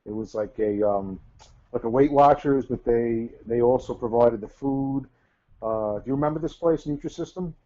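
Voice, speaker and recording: A man's voice: mid-range voice, normal speed, warm tone. Male co-host with muffled lo-fi sound. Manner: tells long anecdotes, restarts and repeats words. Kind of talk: casual live-stream chat. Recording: slightly dull lo-fi audio.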